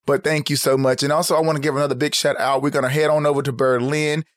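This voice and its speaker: A man with a slightly high voice, chatting with a lot of playful emphasis as a podcast co-host. His voice sounds close and dry, with almost no room. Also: flat delivery, fast, no echo. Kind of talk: casual chat.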